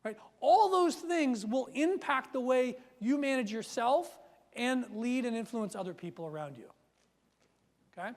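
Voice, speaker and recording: A man coaching a live seminar audience, energetic, checking in with "right?" and acting out his stories loudly. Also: very high voice. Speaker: workshop speaker and coach. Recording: long hall reverb.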